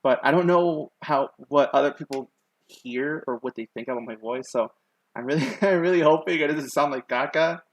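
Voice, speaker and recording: Man with a lisp, gravelly voice. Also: fairly high pitch, moderate pace, dry recording, low-quality recording. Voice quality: lisp on his S sounds. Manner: rambling, many ums and likes, self-conscious. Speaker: streamer. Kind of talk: casual live-stream chat.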